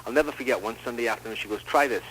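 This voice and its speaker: An older retired man calling in to a radio show, telling jokes and family stories with a lively, chuckling manner. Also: medium pitch, racing, slight background noise, poor audio. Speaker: caller. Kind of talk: phoned-in joke telling.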